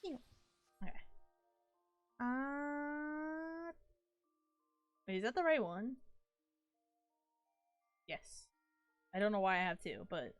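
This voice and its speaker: A woman's voice: sits high, expressive, slow pace, long pauses, clean tone, dry recording, soft background music. A woman streaming a game live, chatting playfully with her viewers and laughing often. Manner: chats to viewers while playing. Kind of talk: casual live-stream gaming chat.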